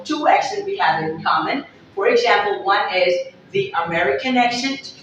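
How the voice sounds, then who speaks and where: A woman from Pakistan explaining English accents to viewers as a teacher, repeating herself and pausing on fillers. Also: on the high side, a bit bright. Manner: repetitive, explanatory, frequent fillers. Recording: very echoey room, distant mic, dull sound, faint noise.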